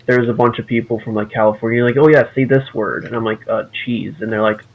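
A man's voice: medium pitch, fairly even intonation, quick pace, narrow, tinny audio, slight background noise. A man with a Wisconsin accent chatting with friends during an online game, rambling through a story. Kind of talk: casual gaming chat.

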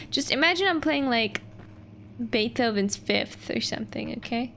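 A woman's voice: fairly high pitch, a little slow, creaky, fairly bright tone, a little hiss or hum. A young woman streaming a game, chatting with viewers in a playful, sweary, giggly way. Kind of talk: casual gameplay commentary.

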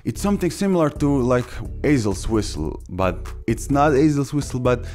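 A young man hosting a casual beatbox tutorial, talking haltingly with many fillers and restarts. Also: medium pitch, sing-song, over music. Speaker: beatbox tutorial channel host.

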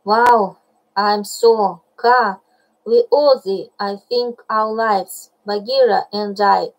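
A woman's voice: medium pitch, fairly even intonation, poor audio. A woman reading as a grave, kindly old bear. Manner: slow and grave.

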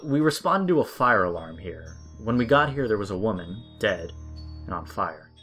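Matter-of-fact firefighter, brisk report, low voice, voiced by a male narrator. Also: very animated, a bit bright, breathy edge, soft background music, heavily acted.

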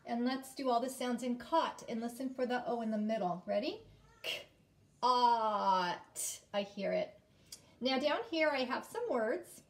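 A woman teaching an early-grade phonics lesson, clearly sounding out letters and inviting children to repeat after her. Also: on the high side, moderate pace.

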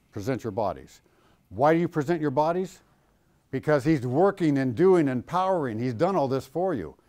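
Man teaching an animated Bible class. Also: a little high. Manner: animated, asks the class questions.

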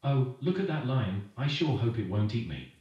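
A man's voice: medium pitch, moderate pace, faint music behind, lightly acted. A synthetic male voice playing a nature-show narrator heard from a TV in the background. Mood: wry. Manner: lively documentary narration. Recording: dull, echoey sound from a TV in the background.

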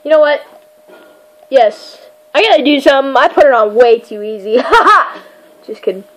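A woman giving goofy, excitable commentary while playing a fighting game, yelping and crying out during the fights. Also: a little high, moderate pace, soft background music, poor audio. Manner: goofy, self-mocking. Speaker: gamer. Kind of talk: let's play commentary.

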